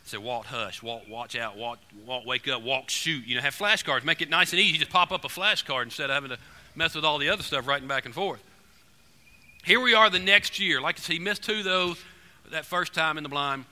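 A man preaching to a congregation, telling an animated, joking hunting story to the room. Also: on the high side, fairly quick. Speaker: pastor. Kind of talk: storytelling sermon. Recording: long reverb in a large hall.

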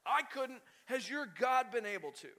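Anguished king crying out, loud and pleading, put on by a preacher; bright, raised tone. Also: extremely high pitch, expressive, moderate pace, pitched above the performer's own voice, full character voice.

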